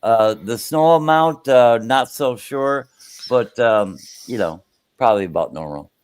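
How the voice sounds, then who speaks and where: Guest: plain middle-pitched man, rambling, dry sound. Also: expressive, a little slow, smooth, no echo. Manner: rambling with many ums. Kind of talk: casual chat.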